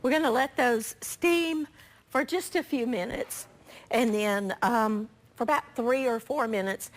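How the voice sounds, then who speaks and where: A woman hosting a live cooking demonstration, her voice raspy from allergies, chatting homily with viewers. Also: fairly high pitch. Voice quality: chatty, homey, talks to viewers directly. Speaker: cooking show host.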